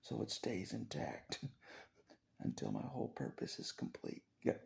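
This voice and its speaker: A man with a deep, heavily gravelly voice talks in a tired, half-whispered ramble. His pitch swings widely from low mutters to sudden high lifts. He keeps repeating phrases and slipping in soft, weary chuckles. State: exhausted. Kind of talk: rambling spoken confession.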